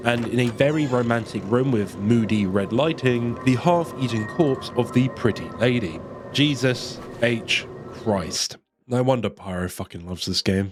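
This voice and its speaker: Brief: male gaming host, husky low voice, relaxed profane lore commentary. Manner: casual and profane.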